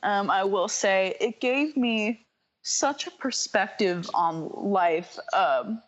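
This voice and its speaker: A woman's voice: medium pitch, lively intonation, dull audio. A woman with a Southern accent from North Carolina chats on a podcast in a loose, rambling way. She stops and restarts often, threading her thoughts with fillers. Her voice sits in a middling register. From North Carolina, USA. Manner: rambling and halting, full of "like" and "um". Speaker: podcast guest. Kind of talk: casual podcast chat.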